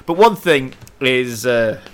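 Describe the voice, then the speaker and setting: A man co-hosting a casual film podcast, halting and restarting his sentences, often laughing. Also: medium pitch, lively intonation. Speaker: podcast co-host.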